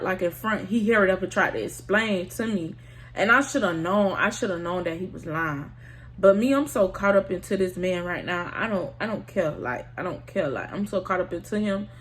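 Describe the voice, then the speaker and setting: A woman telling a personal story in a casual storytime vlog, candid and slangy, often talking straight to her viewers. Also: fairly low pitch. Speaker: storytime vlogger.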